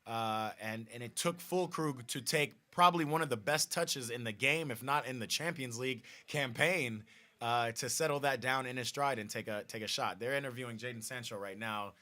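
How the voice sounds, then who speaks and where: A man hosts a football watch-party stream, talking loosely and reading viewers' comments aloud. His voice is bright and forceful, sits at a medium pitch, and his sentences often stop and restart. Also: normal speed. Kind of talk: casual live-stream football chat.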